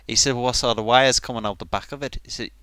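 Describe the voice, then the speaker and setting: A man doing a paranoid Liverpool bloke with a Liverpool accent, ranting on and on, rhetorical questions, bright forceful voice, smooth tone. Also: mid-range voice, fairly even intonation, fast talker, no room sound, lightly acted. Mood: aggrieved rant.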